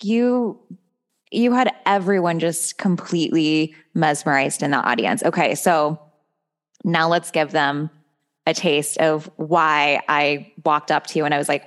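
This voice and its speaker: A woman's voice: deep voice, moderate pace. A woman hosting a faith podcast, talking in an enthusiastic, chatty way as she introduces her guest. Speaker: podcast host. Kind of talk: casual podcast interview.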